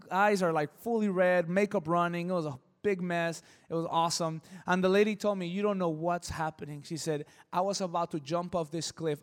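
A pastor telling a personal story in a sermon, lively, acting out the voices in it. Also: male voice, high voice, long reverb tail. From Southern California. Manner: animated, acts out voices in his stories. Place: church hall.

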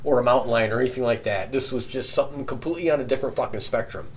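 A man casually telling a profane campfire story, animated and often laughing as he recounts it. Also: mid-range voice, very fast, slight background noise.

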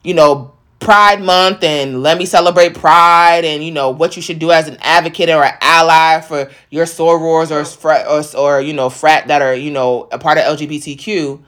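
A woman's voice: sits low, fairly even intonation, normal speed, a bit bright. A thirty-year-old woman in casual chat, talking in a blunt, profane and emphatic way.

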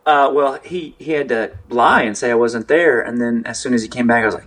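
A man's voice: medium pitch, moderate pace, a bit bright. A man from West Texas, a pastor, telling stories in casual podcast chat with dry, self-deprecating humor.

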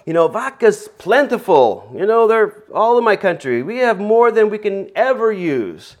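A man voicing a boastful Russian traveler with a put-on Russian accent, speaking slowly and proudly. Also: sits high, big pitch swings, voice pushed up.

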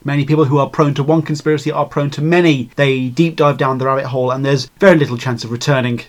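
A man's voice: mid-range voice, steady tone, fast talker. A man narrating a video essay in an irreverent, sardonic way, swearing freely.

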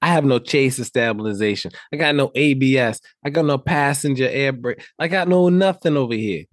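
A man co-hosting a podcast over a video call, ranting in an animated way with lots of swearing. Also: mid-range voice, a little fast, no echo, clean studio sound. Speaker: podcast co-host. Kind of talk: casual chat.

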